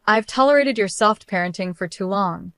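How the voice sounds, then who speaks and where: A woman voicing a stern, cold grandmother who talks down to others in a calm, superior way, read as part of a story narration. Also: mid-range voice, moderate pace, clean tone, no room sound, lightly acted. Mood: cold, scolding.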